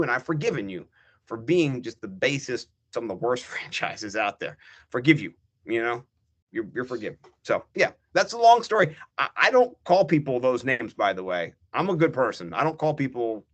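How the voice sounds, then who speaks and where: A middle-aged man, a fantasy football guest on a podcast, ranting in animated, profane casual chat. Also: fairly high pitch.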